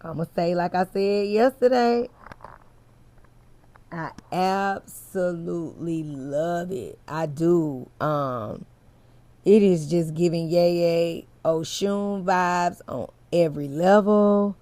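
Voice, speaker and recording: A woman's voice: lowish voice, slow, mellow, dry recording. A woman hosting a casual commentary chat, talking straight to her viewers in a candid, chatty way and swearing freely. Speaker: host.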